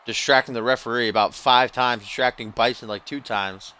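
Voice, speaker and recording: A man commentates on a wrestling video game in a casual, excitable way, calling each move like an announcer. His voice is bright and forward, at a middle pitch for a man. He talks loosely and throws in slang. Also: fairly quick, clear, resonant tone. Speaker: gameplay commentator.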